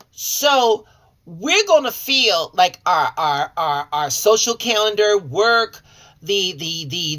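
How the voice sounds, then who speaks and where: A fairly low-pitched woman from Chicago runs a tarot and oracle channel, talking to the camera in a relaxed, folksy manner. She's sincere and affectionate with viewers, whom she calls y'all and honey.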